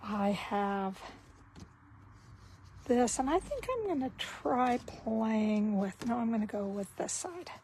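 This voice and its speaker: A woman giving a casual card-making tutorial, talking slowly and thinking aloud as she works. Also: fairly high pitch, lively intonation, a little mellow, a little hiss or hum, low-quality recording.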